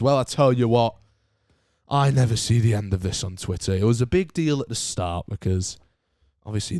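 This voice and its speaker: Excitable young man ranting. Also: medium pitch, dry recording, clean studio sound. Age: young adult. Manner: animated, ranting, banter-heavy. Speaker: podcast host. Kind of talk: casual solo podcast chat.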